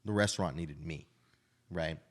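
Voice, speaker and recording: Rumbling low and speaking at normal speed, an Idaho man in his thirties who owns a restaurant shares his life story. He's casual and candid, frequently adding "right?"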